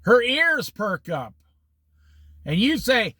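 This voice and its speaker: A man teaching a casual Bible study, animated and folksy, laughing at his own stories. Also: high voice, unhurried, no echo.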